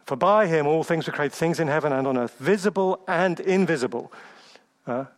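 A man preaching with conviction, his voice sitting a little high for a man. He stacks up lists and fires off rhetorical questions to press each point home. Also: normal speed. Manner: emphatic, rhetorical questions, builds through lists. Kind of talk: sermon.

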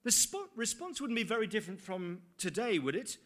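A man's voice: sits high, sing-song, fairly quick, a bit bright. A man preaching a sermon, earnest, with rhetorical questions and dry asides.

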